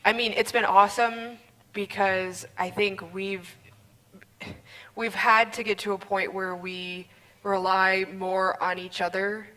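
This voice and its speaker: A woman from a church worship team leading a casual discussion, speaking in a relaxed way as she searches for her words. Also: mid-range voice, slow pace, poor audio. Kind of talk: casual chat.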